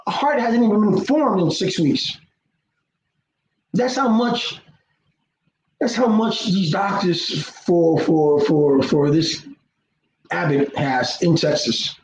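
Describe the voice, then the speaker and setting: A middle-aged man talks straight to his viewers in a rambling, earnest vlog, stumbling and repeating words as he preaches. His voice sits a little high for a man. The sound is roomy and dull, with a faint hiss underneath. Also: takes it slowly, pauses often. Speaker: YouTuber. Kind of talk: casual monologue vlog.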